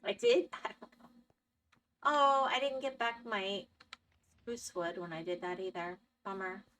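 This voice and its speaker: A woman's voice: mid-range voice, steady tone, a little slow, fairly bright tone, recorded from a distance. A woman streamer chatting casually with her chat while playing a game, thinking aloud as she goes.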